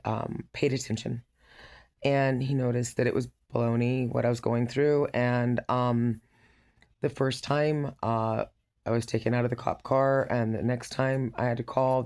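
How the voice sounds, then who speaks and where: A woman giving a frank personal update to camera, rambling with many pauses and restarts, with a dry, sarcastic edge. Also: a bass voice, darkish tone. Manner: wry sarcasm. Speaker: vlogger.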